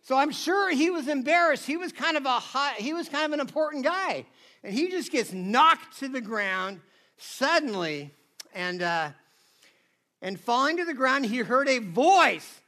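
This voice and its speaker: A man's voice: very high voice, expressive, measured pace, pushed and bright. A man preaching a casual, conversational sermon, chatty and always asking his listeners "right?". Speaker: pastor.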